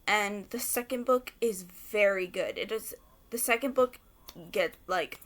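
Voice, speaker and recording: A young woman rambling excitedly to camera about favorite books, swearing freely. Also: medium pitch, unhurried. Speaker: book vlogger. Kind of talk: casual rant to camera.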